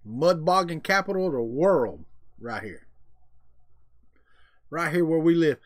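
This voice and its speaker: A man's voice: on the high side, animated, a little slow, no echo, clean studio sound. A man with a Southern US accent hosting a casual livestream, chatting with viewers in a folksy, joking way. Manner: folksy, drawling, jokey. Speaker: livestream host. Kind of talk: casual chat with live viewers.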